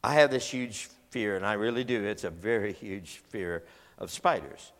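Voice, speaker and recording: A man preaching a storytelling sermon in a folksy, animated way, acting out voices as he tells stories. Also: on the low side, moderate pace. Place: large church hall. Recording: long hall reverb.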